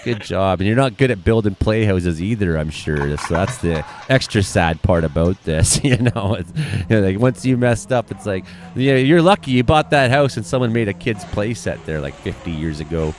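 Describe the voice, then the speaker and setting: A man's voice: fairly low pitch, animated, normal speed, few pauses, a little mellow. A Canadian man giving casual, sarcastic running commentary on videos, often laughing as he reacts.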